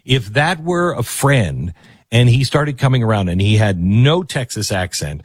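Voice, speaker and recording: Sarcastic radio guy riffing, husky low voice, dry close mic. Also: big pitch swings, measured pace, no echo. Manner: sarcastic, mocking. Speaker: talk radio host. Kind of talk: radio talk commentary.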